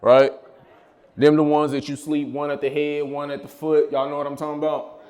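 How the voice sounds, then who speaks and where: A man's voice: a little high, monotone, fairly quick, a little mellow. A man in his thirties giving a casual, personal talk at a college mental health event, telling family stories and calling out to the audience. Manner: casual, personal storytelling with call-and-response asides. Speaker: speaker at a mental health summit. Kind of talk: motivational talk to students.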